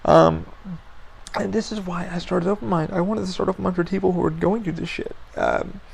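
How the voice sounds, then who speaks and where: A man's voice: high-pitched, fairly quick, vocal fry, a crowd in the background, poor audio. A man hosting a podcast, venting frankly in a casual monologue, blunt and full of swearing. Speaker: podcast host.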